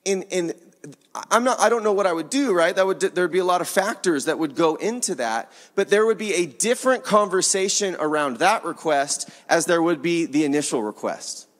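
A man with a high-pitched voice delivers a sermon, earnest and conversational. He slips into little acted exchanges as he talks. The sound hangs in a long, echoing hall. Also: expressive, moderate pace, fairly bright tone. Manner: earnest, conversational, acts out dialogue. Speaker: pastor.

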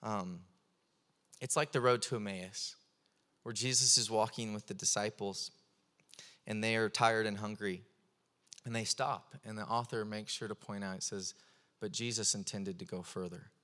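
A young man preaching a sermon, telling stories with animated, fervent intensity. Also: on the low side, normal speed, long pauses, in a large hall.

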